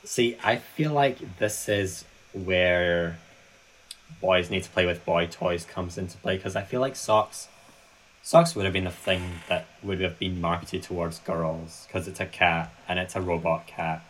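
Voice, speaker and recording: A woman's voice: a bass voice, measured pace, slight background noise, rough recording. A woman co-hosting a casual film podcast who talks bluntly and swears casually. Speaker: podcast co-host.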